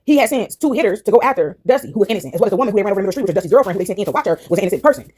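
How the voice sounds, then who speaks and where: A woman's voice: mid-range voice, expressive, rapid-fire, darkish tone, slightly rough. A woman vlogger rambling through a movie recap to her viewers, swearing freely and calling them y'all.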